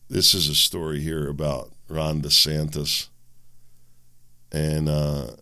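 A man's voice: a bass voice, monotone, takes it slowly, bright, forceful tone. A male radio show host giving rambling, conversational solo commentary and chuckling at his own remarks.

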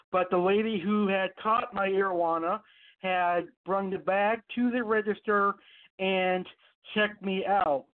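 A man hosting an online radio show, telling a personal story in a rambling, casual way with many fillers and restarts. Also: sits high. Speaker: podcast host. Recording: tinny phone-line sound.

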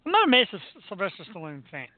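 A man's voice: sits high, fast. A man from Philadelphia co-hosting a show in casual chat, easygoing and full of fillers. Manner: relaxed, lots of "uh" and "um" fillers. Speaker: co-host. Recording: tinny phone-like line, dry.

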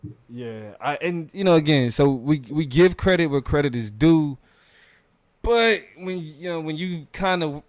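A man's voice: a little high, animated, unhurried, no room sound, clean studio sound. A man co-hosting a live talk show, talking loosely and animatedly with many fillers. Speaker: podcast co-host. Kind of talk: casual live-show discussion.

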